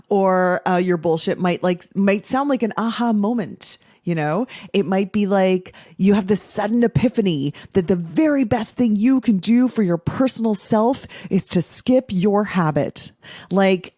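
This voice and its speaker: A woman's voice: medium pitch, a little slow, dark tone, dry recording, studio quality. A woman in her forties hosting a casual podcast monologue as a habits coach, blunt, profane and playful.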